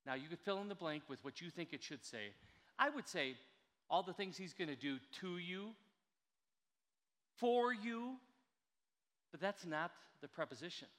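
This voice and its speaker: A man preaching a sermon as a pastor, earnest and emphatic, slowing down to stress key words. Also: sits high, animated, a bit bright, in a large hall.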